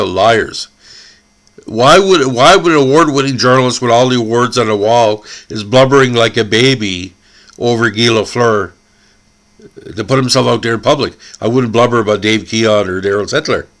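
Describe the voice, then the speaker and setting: A man from Canada hosting a hockey podcast, emotional and tearful, halting and repeating words as he speaks. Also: mid-range voice, a bit bright. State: crying.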